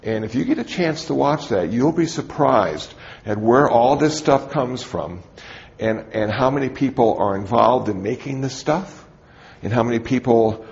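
A man's voice: mid-range voice, gravelly, a little mellow, lo-fi sound. A man, a Buddhist teacher, giving a dharma talk to a group in a conversational, humorous storytelling manner.

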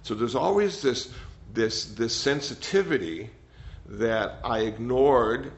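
An older man, a meditation teacher, giving a gentle, rambling dharma talk that often repeats words. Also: mid-range voice, animated, slow pace. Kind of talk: dharma talk with audience questions. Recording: slightly dull sound, faint noise.

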